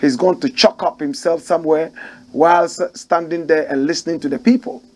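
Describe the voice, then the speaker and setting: A Ghanaian man commenting on the news in a lively, preacher-like way, and his voice sits a little higher than most men's. He leans hard on key words and repeats them for weight. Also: normal speed. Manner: animated, preacher-like, repeats phrases for emphasis. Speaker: commentary show host.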